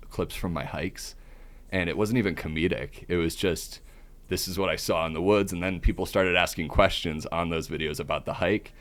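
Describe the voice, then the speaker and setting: Young male guest, very low and flat, dry self-deprecating delivery with lots of "um"s. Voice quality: deep, monotone voice. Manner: relaxed, self-deprecating, hesitant fillers. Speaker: podcast guest, comedian. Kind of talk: casual interview chat.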